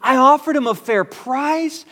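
A man voicing a petulant, sulking king in a high whining voice during a sermon. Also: a little slow, pushed and bright, in a large hall, full character voice. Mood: whiny. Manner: high whining, self-pitying.

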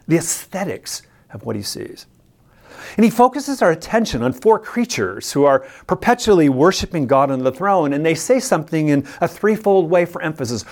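Animated, emphatic preacher. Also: medium pitch. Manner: emphatic, deliberate, with repeated words for stress; addresses listeners directly with questions. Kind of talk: sermon teaching on scripture.

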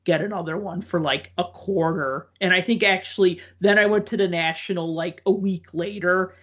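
A man's voice: sits high, steady tone, moderate pace, a bit bright. A man telling a long casual story, full of likes, ums and restarts. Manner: rambling, filler-heavy with many likes and ums.

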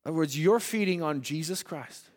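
A male preacher with a high-pitched voice delivers a sermon in a church hall. His delivery swings between loud, emphatic declarations and soft, hushed asides. The sound carries a long hall reverb. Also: fairly quick.

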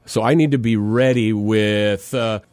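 A man's voice: mid-range voice, normal speed, dry recording. A man co-hosting a morning radio show, chatting casually and jokingly with his co-host. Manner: jokey, laughs often, tries silly accents. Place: radio studio.

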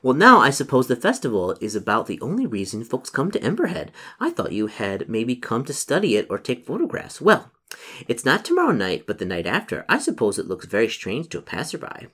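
A man's voice: medium pitch, huge pitch swings, fairly quick, a bit bright, slightly rough, exaggerated voice. A man voicing a chatty, hospitable village landlady without putting on an accent. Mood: friendly.

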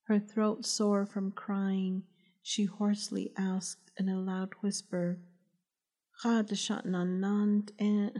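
A woman, the author, reading her novel aloud as calm, measured audiobook narration. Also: medium pitch.

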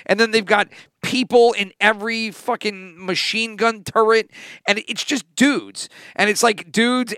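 Bright high-voiced man, casual rant. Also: dry recording, clean studio sound. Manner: rambling, halting restarts, laughs often, swears freely. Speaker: podcast co-host. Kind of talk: casual chat.

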